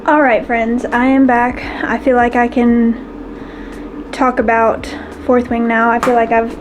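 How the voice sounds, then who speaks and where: High-voiced chatty woman book vlogger. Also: slow, noisy background. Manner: chatty and expressive, talking to viewers. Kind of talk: casual reading vlog chat.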